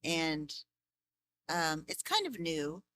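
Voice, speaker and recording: A woman voice actress answering fan questions at a convention Q&A, chatty and animated, laughing often as she tells stories. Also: low-pitched, takes it slowly. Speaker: voice actress guest.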